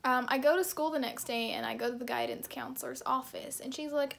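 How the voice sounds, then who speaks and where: A woman's voice: high-pitched, steady tone, brisk, vocal fry, fairly bright tone. A young woman vlogger chatting casually and self-deprecatingly, with lots of fillers as she reacts to her posts.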